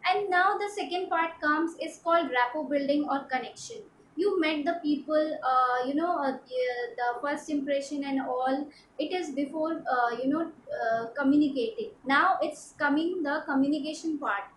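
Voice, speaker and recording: High-pitched indian lady teaching communication tips, lots of uh and you know, echoey room with faint hiss. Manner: halting, many fillers and restarts, repeats for emphasis. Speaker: personality development trainer. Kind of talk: instructional talk to camera.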